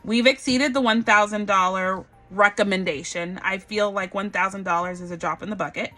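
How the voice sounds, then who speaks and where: A woman in her thirties from Barbados, chatting casually to camera about her budget, lively and addressing viewers as y'all. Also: mid-range voice, normal speed. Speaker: budgeting vlogger.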